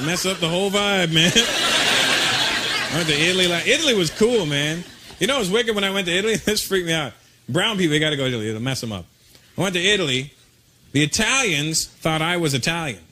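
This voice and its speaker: A male stand-up comedian from Canada, telling stories in an animated, casual way on stage, recorded at a live show with loud audience noise. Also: on the high side, brisk.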